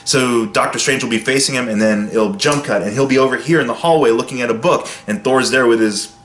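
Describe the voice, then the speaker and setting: A man giving a casual, opinionated spoken film review, with sudden jumps in pitch for emphasis. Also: a little fast, a bit bright, roomy sound.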